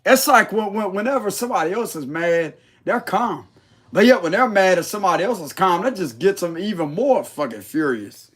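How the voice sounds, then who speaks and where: Lively high-voiced man doing a slangy tarot reading. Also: fairly quick, breathy edge. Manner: blunt, slangy and profane, laughing often. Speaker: tarot reader. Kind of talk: casual tarot reading monologue.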